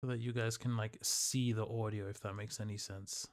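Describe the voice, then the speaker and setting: A man's voice: lowish voice, little pitch movement, moderate pace. A man streaming live, chatting loosely with his viewers and answering their messages aloud. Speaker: livestreamer.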